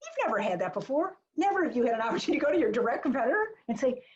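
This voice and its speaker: A woman with a high, darkish voice talks very fast, her pitch swinging widely. She's a small business marketing advisor giving a chatty, blunt webinar over a video call, packed with jokes and asides, and the audio is dull and lo-fi.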